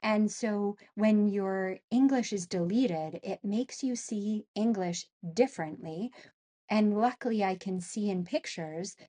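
A middle-aged woman talks as a guest in a casual interview. Her speech is halting, full of restarts and pauses as she searches for words, in a voice of ordinary middle pitch. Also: dark tone. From northern Canada. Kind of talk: casual conversation.

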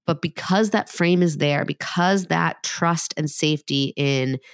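A woman's voice: sits low, a little slow, clean tone, no room sound, clean studio sound. A woman in her thirties hosting a podcast, talking casually and candidly with frequent laughs and filler words. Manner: chatty, candid, laughs often, many "like" fillers. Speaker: podcast host. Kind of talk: casual solo podcast talk.

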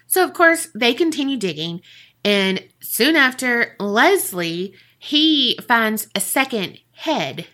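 A woman's voice: fairly high pitch, big pitch swings, slow, bright, forceful tone. A woman co-hosting a podcast, telling a story in casual, profane chat full of "like" and "you know", often giggling. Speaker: podcast co-host.

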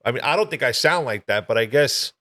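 A man's voice: medium pitch, animated, fast, sharp tone, no echo, studio quality. A man from Long Island, co-hosting a podcast in a casual, agreeable way, often saying right and you know. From Long Island, New York. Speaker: podcast co-host.

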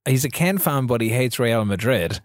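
A man hosting a podcast in casual chat, laughing often and talking in halting restarts. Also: mid-range voice, animated, dry recording, clean studio sound. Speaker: podcast host.

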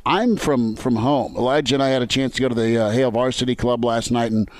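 A man's voice: medium pitch, fast, no room sound. A man hosting a sports talk show from a studio, easygoing and prone to chuckling. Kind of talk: casual sports radio banter. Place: radio studio.

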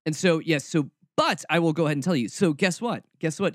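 A man's voice: on the high side, fast, few pauses, dry recording, studio quality. A man hosting a podcast, talking in a sarcastic, snarky and mock-dramatic way in casual commentary. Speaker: podcast host.

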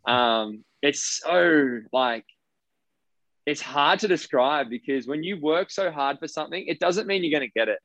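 A man's voice: mid-range voice, no room sound. Man, Australian accent, casual interview storytelling, emphatic, swears freely, dry dull recording. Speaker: professional basketball player guest. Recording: dry, slightly dull lo-fi sound.

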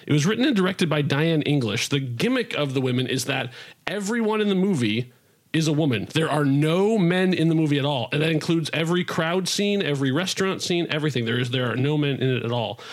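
A man co-hosting a casual comedy podcast, talking about movies in an expressive way and reacting quickly. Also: fairly high pitch. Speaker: podcast co-host. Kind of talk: casual chat.

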